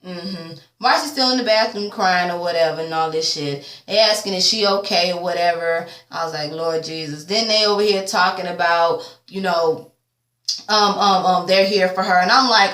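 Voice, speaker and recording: A tired woman giving a sassy, casual TV episode recap, swearing freely and jumping up in pitch when she quotes the characters. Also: normal speed, fairly bright tone. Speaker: TV recap vlogger. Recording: echoey room.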